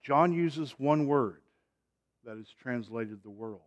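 Man preaching with big loud swings. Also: mid-range voice, highs cut off. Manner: swings from loud emphatic calls to quiet, drawn-out phrases; asks the congregation for responses. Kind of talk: sermon.

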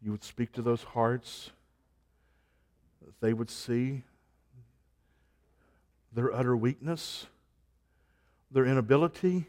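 Man preaching real slow, repeats his lines, ends go soft and quiet. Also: medium pitch, fairly even intonation. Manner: slow, rhythmic preaching with repeated phrases and soft trailing endings. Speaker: pastor. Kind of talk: sermon and closing prayer.

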